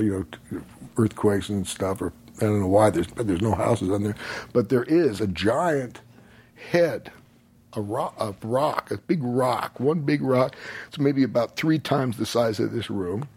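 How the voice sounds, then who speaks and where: A man, older, telling a personal story in a casual conversation, animated, often laughing and acting out what people said. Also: lowish voice, husky. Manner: animated, laughs while telling, acts out quotes.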